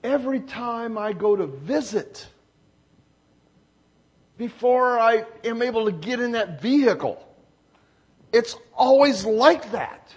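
A man preaching a sermon with emphatic, repeated phrases, swinging from loud exclamations to hushed asides. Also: very high-pitched, animated, a little slow, pauses often, slightly rough.

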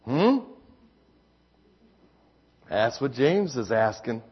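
A man's voice: medium pitch, big pitch swings, drawn-out words, husky. A man preaching a sermon, telling folksy personal stories with emphatic rises in his voice. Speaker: pastor. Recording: slightly dull lo-fi sound.

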